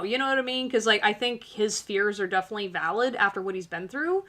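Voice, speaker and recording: Bright-voiced chatty woman reading tarot. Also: medium pitch, a little fast. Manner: chatty, filler-heavy, encouraging. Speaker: tarot reader hosting a live stream. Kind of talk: casual live-stream tarot reading.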